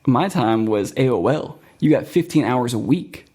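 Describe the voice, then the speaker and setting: A man's voice: medium pitch, expressive, normal speed, mellow, breathy edge. Rambling young man from Florida. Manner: rambling, laughs often. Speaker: podcast host. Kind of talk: casual chat.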